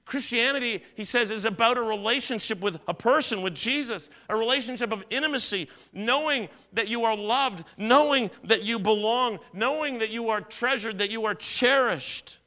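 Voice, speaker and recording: A man's voice: very high-pitched, moderate pace, few pauses, pushed and bright. A middle-aged man preaching a sermon as pastor, conversational, telling personal stories and often restarting and repeating words.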